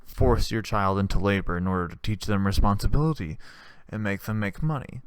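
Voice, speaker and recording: A man's voice: lowish voice, brisk, smooth, no room sound. A young man hosting a comedy video, telling a rambling, sarcastic story about a former job. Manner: rambling, sarcastic, laughing at his own jokes. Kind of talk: comedic monologue.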